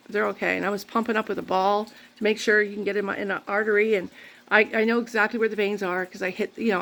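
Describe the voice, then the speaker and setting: A woman's voice: mid-range voice, creaky, a bit bright. A woman vlogging, telling a rambling, candid personal story full of faith talk. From Canada.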